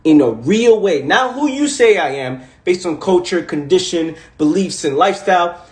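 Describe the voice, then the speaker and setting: Live-streaming from an echoey room, a motivational speaker in his twenties delivers a casual but intense monologue, swearing and repeating rhetorical questions. He speaks in a high, expressive voice at a moderate pace.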